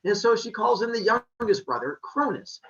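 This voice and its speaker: A man's voice: sits high, normal speed, echoey room, recorded from a distance, highs cut off, slight background noise. A man, a teacher, casually retelling a myth to a class with jokes. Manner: lively, joking retelling.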